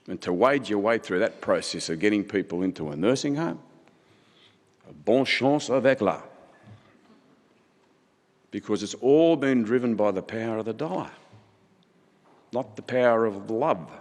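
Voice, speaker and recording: A middle-aged man delivers a conference keynote with passion, stacking his points in repeated phrases. His voice sits a little low. The sound carries the long reverb of a large hall. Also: animated, unhurried, long pauses, darkish tone. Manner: impassioned, rhetorical repetition. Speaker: keynote speaker.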